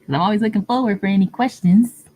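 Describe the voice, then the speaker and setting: A woman's voice: medium pitch, fast talker, husky, lo-fi sound. A woman streamer chatting casually with her viewers, answering comments and laughing often. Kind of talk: casual live-stream chat.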